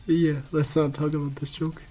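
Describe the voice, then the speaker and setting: A man's voice: fairly high pitch, level tone, moderate pace, dark tone, faint music behind. A man from France whose first language is French, casting a live card game match in English in a chatty, easygoing way with lots of fillers and restarts. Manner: chatty, laughs easily, many fillers and restarts. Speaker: esports caster. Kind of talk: casual live game commentary.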